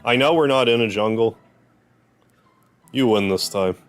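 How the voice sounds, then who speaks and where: A man's voice: medium pitch, a little slow, clear, resonant tone, soft background music. A man streaming a video game, joking and rambling through casual commentary. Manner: joking, self-deprecating asides.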